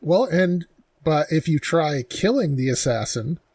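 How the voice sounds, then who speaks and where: A man's voice: a little high, lively intonation, a little slow, a little mellow, breathy edge, no echo. A man hosting a podcast, thinking aloud about the moral questions a video game raises. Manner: thoughtful, poses moral questions. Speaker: podcast host. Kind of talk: casual game discussion.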